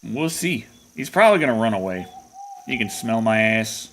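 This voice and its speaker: Animated, rambling male game streamer. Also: lowish voice, normal speed, noisy background. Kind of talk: casual gameplay commentary.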